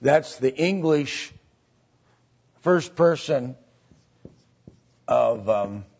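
A man teaching a Bible study lecture, halting with fillers and often checking in with "right?" and "okay?". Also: medium pitch, expressive, vocal fry, darkish tone, breathy edge. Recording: dull lo-fi recording.

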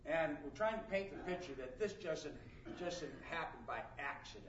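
A man's voice: on the high side, expressive, moderate pace, dull audio, slight background noise. A man preaching a sermon emphatically, reading scripture aloud and acting out the people in his stories. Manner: emphatic preaching, reads scripture aloud, acts out quoted dialogue.

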